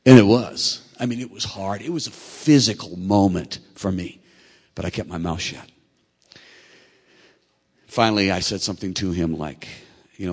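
A middle-aged man preaching a sermon, telling a personal story earnestly and emotionally, his voice swelling to loud peaks. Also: deep voice, normal speed, long pauses, breathy edge, big-room sound. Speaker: preacher and track coach.

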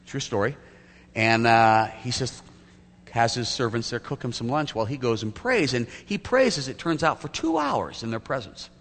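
A man's voice: medium pitch, animated, moderate pace, fairly bright tone. A man preaching a sermon as pastor, telling a story vividly and acting out its scenes. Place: church sanctuary. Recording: echoey hall, faint hum.

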